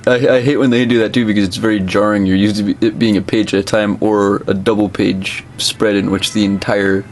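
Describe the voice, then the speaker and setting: A man's voice: on the low side, level tone, brisk, a little hiss or hum. A man chatting casually as co-host, rambling with many restarts and dry asides about comics history. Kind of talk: casual chat.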